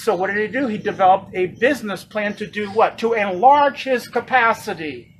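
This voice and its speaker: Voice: mid-range voice, normal speed, slight background noise, rough recording. A preacher delivering a sermon, emphatic and fond of rhetorical questions.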